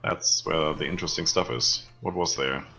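Casting: man, Bavarian accent, low pitch, bright tense edge, teasing gamer chat. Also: fairly even intonation, normal speed, breathy edge, soft background music. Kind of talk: casual gaming chat.

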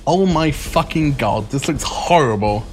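A man's voice: on the high side, lively intonation, unhurried, faint music behind. A young man streaming live, reading items aloud and reacting with crude, joking remarks. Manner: crude, joking, reacts loudly to each item.

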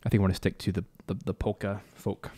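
A man's voice: sits low, level tone, fast, loud music behind the voice. A man hosting a live stream, casually talking through his composing ideas and humming bits of melody as he goes. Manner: thinks aloud, hums and scats melody ideas.

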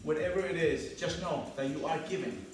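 High-voiced man coaching a spin class. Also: a little fast, very echoey, recorded from a distance, rough recording. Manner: shouted counts and pep calls over music. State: out of breath. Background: loud workout music.

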